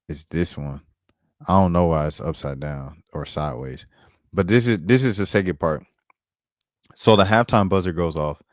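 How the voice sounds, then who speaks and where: A man giving a casual basketball recap on his vlog, animated and slangy, talking while he pulls up clips. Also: low-pitched, no echo, clean studio sound. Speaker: basketball commentator and vlogger.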